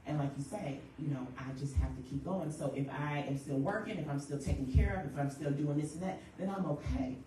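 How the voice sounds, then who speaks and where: A woman counselor leads a church workshop on grief. Her somewhat low voice carries from a distance through a very echoey room with a faint hiss behind it. She talks in a lively way and keeps acting out short everyday quotes. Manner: lively, acts out quick everyday quotes, laughs often. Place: church hall.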